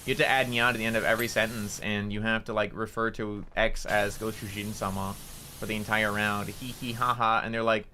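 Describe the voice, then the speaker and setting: A man chatting on a gaming livestream in a bright, forward voice. He swears freely and keeps jumping into excitable, high-pitched outbursts. A faint hiss of noise sits under his talk. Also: brisk. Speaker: VTuber streamer. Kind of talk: casual livestream chat while gaming.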